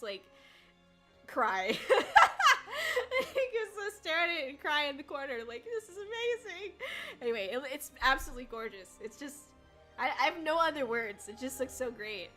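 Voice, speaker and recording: A young woman chats on her stream in a high, lively voice that leaps up in giggles and squeals. She rambles through her thoughts. Faint music plays behind her. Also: a little fast. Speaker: VTuber streamer. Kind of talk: casual livestream chat.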